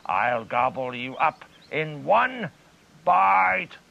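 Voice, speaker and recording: A man voicing a mighty, proud, gruff male lion with a slow, booming delivery, on a dull lo-fi 1990s TV recording. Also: sing-song, heavily acted. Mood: menacing.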